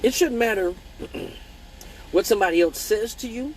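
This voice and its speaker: A man's voice: high-pitched, moderate pace, slight background noise, poor audio. A man hosting a casual live-stream Q&A as an exotic dancer, talking bluntly and swearing freely while telling stories and answering viewer comments. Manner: blunt, profane, animated storytelling; reads viewer comments aloud.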